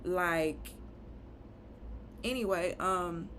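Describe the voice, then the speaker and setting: A woman's voice: on the low side, extremely slow, a bit bright, slight background noise. A woman giving a chatty, opinionated recap of a reality show, full of rhetorical questions and asides. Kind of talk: casual recap rant.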